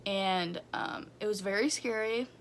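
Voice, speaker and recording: Young female vlogger, candid, rambling delivery, mid pitch, faint background noise. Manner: candid, rambling, talks fast with fillers. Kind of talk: personal story vlog.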